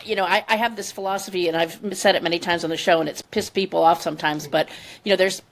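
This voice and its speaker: A woman's voice: lowish voice, steady tone, fast. A woman hosting a podcast, speaking candidly and reflectively in casual conversation, with firm opinions. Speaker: podcast host.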